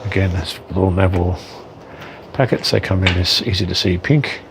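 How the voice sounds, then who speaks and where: Deep gravelly man unboxing miniatures. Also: steady tone, moderate pace, background noise. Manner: hesitant, frequent ums and self-corrections. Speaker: wargaming hobbyist reviewing miniatures. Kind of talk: casual unboxing commentary.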